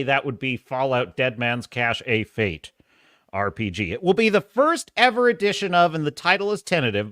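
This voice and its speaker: A middle-aged man hosting his own live show, talking fast and loose with frequent laughs. His voice sits a bit high and sounds bright, and it is recorded dry and close. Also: smooth, no echo. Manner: animated, laughing often, reads chat aloud. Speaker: host. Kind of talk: casual live-stream commentary.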